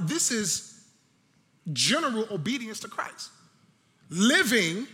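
A man's voice: high voice, sharp tone. A man preaching a Sunday sermon as pastor, repeating key phrases for emphasis, with long reverb from a church hall.

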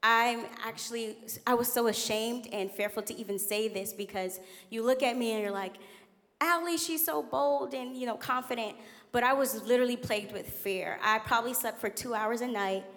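Animated young woman preaching in a reverberant church. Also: on the high side, fairly quick. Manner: animated, laughing, candid storytelling. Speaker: guest preacher. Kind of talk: sermon. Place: church sanctuary. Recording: long hall reverb.

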